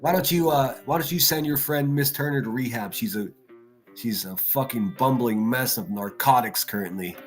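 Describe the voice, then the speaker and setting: Foul-mouthed ranting man with music under. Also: mid-range voice. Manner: crude, mocking, ranting, quick shifts in loudness. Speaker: livestream host. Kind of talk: profane livestream rant.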